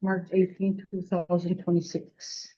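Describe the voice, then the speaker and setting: A woman chairing a board meeting, reading motions and calling votes in a measured, procedural way. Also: on the low side, completely flat delivery, dark tone. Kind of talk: formal meeting business. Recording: muffled lo-fi meeting recording.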